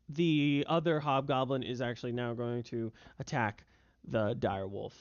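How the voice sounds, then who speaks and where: Over a voice call, a young man acting as game master narrates a tabletop game in a medium-pitched voice at moderate pace. His narration is vivid and packed with fillers, breaking into bursts of excitement. The lo-fi mic sounds dull and dry, with no room sound.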